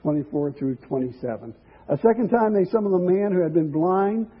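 A man's voice: high-pitched, expressive, brisk, husky, big-room sound. A man preaching a sermon, earnest and musing, with chuckles and some restarts. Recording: tinny phone-like line.

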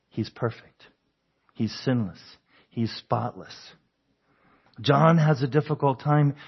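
Man preaching a sermon, slightly husky. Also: mid-range voice, highs cut off. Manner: conversational preaching, asks the congregation questions, chuckles often. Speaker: pastor.

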